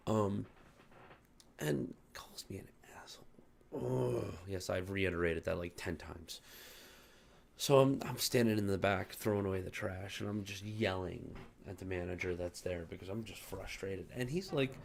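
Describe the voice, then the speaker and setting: A man's voice: low-pitched, moderate pace, vocal fry, a little hiss or hum. A man telling a heated, profane story about a rude customer in a casual vlog, still angry about it. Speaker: gaming channel host.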